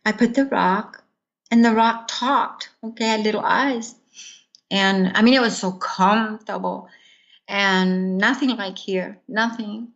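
A woman's voice: mid-range voice, fairly even intonation, measured pace, creaky, a bit bright, muffled recording. A woman giving an earnest personal testimony in an interview, acting out the words of others as she tells it. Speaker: interview guest.

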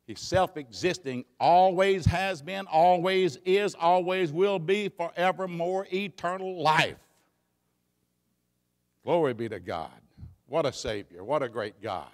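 A man preaching a sermon in a church, swinging between fervent shouts and hushed asides. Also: a little high, slow. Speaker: pastor. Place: church sanctuary. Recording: long hall reverb.

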